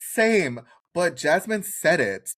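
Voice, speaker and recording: A man co-hosting a podcast, recapping a reality show in casual chat, animated and profane, often mimicking the people he talks about. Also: fairly high pitch, takes it slowly. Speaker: podcast co-host.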